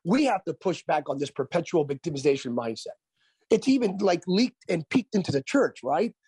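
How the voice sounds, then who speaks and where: Emphatic husky-voiced male pastor. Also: fairly high pitch, big pitch swings, moderate pace, a little mellow, no echo. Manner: emphatic, repeats phrases for effect. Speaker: pastor and author guest. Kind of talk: radio interview, preaching cadence.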